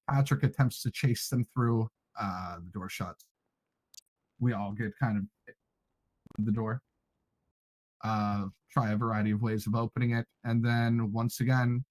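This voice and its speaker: A man recapping the story lore of a role-play game in an easygoing, measured way. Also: lowish voice, no echo, rough recording. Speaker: player recounting the story lore.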